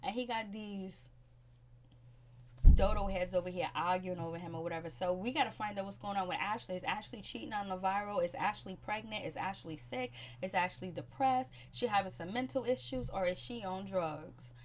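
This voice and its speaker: A woman giving a casual, slangy recap of a TV show, chatting in an animated way. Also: mid-range voice, normal speed, slight background noise.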